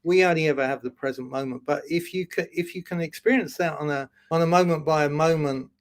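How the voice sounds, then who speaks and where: A man speaking as a musician guest on a podcast, musing in a reflective, casual way and often trailing off softly. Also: fairly high pitch, brisk. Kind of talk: casual conversation.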